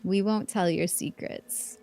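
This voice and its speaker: A woman's voice: fairly low pitch, fairly even intonation, slow pace, dark tone. A young woman streaming a video game, chatting casually and playfully and laughing often. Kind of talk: casual live-stream chat while gaming.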